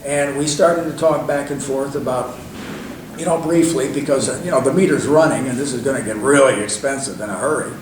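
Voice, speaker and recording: Older man, rambling storyteller full of ums and uhs, far from the mic, boomy echo, faint hiss. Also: fairly quick. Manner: loose and conversational, many fillers and restarts. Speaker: interview guest. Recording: echoey room, distant mic, faint hiss.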